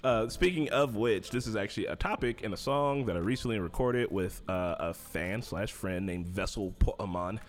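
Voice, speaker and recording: Laid-back young man, low voice. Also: moderate pace, few pauses. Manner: laid-back, jokey, many fillers. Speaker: podcast guest. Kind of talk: casual interview chat.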